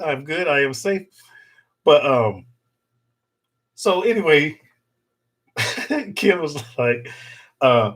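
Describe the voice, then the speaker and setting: A man's voice: mid-range voice, measured pace, long pauses, a bit bright. A middle-aged man hosting a casual livestream chat from home into a desktop USB mic, rambling and joking with his viewers and laughing often. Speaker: channel host. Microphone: desktop USB microphone.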